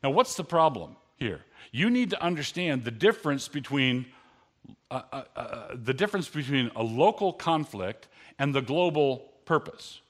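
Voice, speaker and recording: A man's voice: mid-range voice, big pitch swings, moderate pace. A man preaching a sermon in an earnest, conversational way, lifting his voice on key lines.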